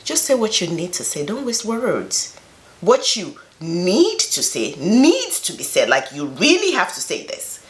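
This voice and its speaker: A woman's voice: fairly low pitch, huge pitch swings, unhurried. A woman vlogger giving casual, earnest advice on her own experience, speaking conversationally with emphatic pushes. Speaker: self-reflection vlogger.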